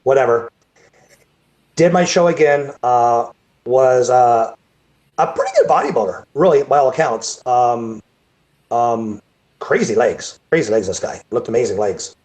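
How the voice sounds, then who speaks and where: A man's voice: medium pitch, a little slow, long pauses, a little mellow. A man, a bodybuilding show promoter, telling a rambling story over a video call, repeating words and restarting sentences. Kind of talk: casual storytelling interview.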